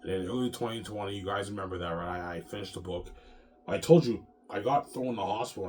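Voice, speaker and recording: A man's voice: sits low, fast talker, darkish tone, a little hiss or hum. A man talking straight to his viewers in a rambling, repetitive rant, often swearing and circling back to the same points. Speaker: self-published author and vlogger.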